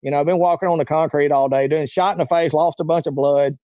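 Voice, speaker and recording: A man's voice: fairly high pitch, steady tone, quick pace, dry recording, highs cut off. A man in his forties, a guest telling a long story in a casual, rambling way and now and then acting out the voices of people in it. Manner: rambling, acts out quoted voices. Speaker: interview guest.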